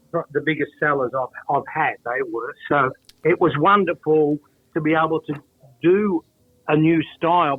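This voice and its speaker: An older Australian man, a guest musician, rambles through his stories with plenty of restarts. His voice sits a little high for a man. It comes over a thin, phone-like line with no room sound at all. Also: no echo. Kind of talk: casual anecdote-telling. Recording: tinny phone-like line, dry.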